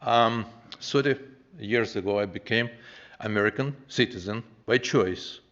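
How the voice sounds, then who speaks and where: Older Russian-accented man, low and halting. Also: a bit bright. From former Soviet Union. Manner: halting, many restarts and fillers, earnest. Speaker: public commenter. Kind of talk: public comment at a council meeting. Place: council chamber. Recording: dull, muffled meeting audio.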